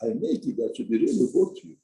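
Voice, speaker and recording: A man's voice: medium pitch, very animated, fast talker, creaky, warm tone, reverberant, low-quality recording. A man voicing God as a stern, all-powerful figure who rebukes in an exasperated tone. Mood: rebuking.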